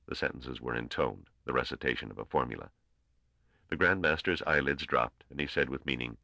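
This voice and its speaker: A man reads an audiobook in a steady, measured style. His voice is extremely deep yet bright and forceful. The recording is dry and close, with the dull, narrow sound of an old cassette. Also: vocal fry, dry recording. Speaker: audiobook narrator. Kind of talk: scripted narration.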